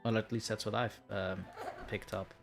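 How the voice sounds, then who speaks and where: A man's voice: lowish voice, flat delivery, moderate pace, vocal fry, faint music behind. A man hosting a live stream, chatting casually and laughing at himself. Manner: laughs often, self-mocking. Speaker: stream host.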